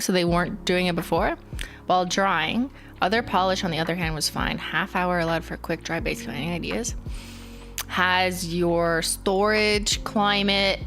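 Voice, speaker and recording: A Canadian woman in her thirties with a fairly low voice chats through a livestream, talking loosely with lots of "like" and soft laughs. Her slight Canadian accent comes through. Faint music plays behind her. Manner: chatty, laid-back, filler-heavy with frequent "like" and laughs. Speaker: livestream host. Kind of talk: casual livestream chat, reading and answering chat.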